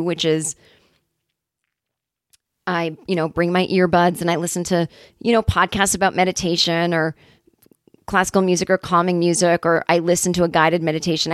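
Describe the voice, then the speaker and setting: A woman's voice: on the low side, dry recording, clean studio sound. A woman hosting a comedy podcast, telling a rambling, self-deprecating story and speaking openly about her anxiety in a casual way.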